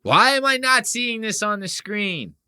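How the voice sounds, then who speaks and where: Exasperated streamer rant, whiny, bright tone, as a podcast host puts it on. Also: male voice, high voice, big pitch swings, measured pace, clean tone, no room sound, studio quality, pitched above the performer's own voice, full character voice. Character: impression of a ranting male streamer.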